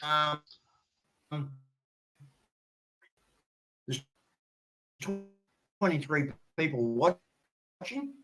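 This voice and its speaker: A man rants in a slow, deliberate way, his pitch lurching up and down as he hurls insults and threats. His delivery is profane and menacing throughout. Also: expressive, sharp tone. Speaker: ranting video poster. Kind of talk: angry monologue.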